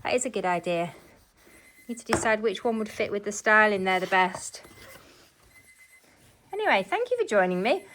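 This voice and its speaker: Speaking in a sing-song, mid-range voice with a fairly bright tone, this cleaning vlogger talks at normal speed but leaves long pauses. She chats with viewers while moving around and cleaning her living room at home, and a little hiss or hum can be heard.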